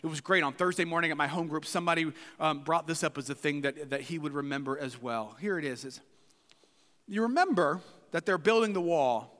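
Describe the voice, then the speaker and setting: A man's voice: a little high, pushed and bright. A man preaching a sermon as pastor, emphatic and repeating phrases for emphasis. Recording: long hall reverb.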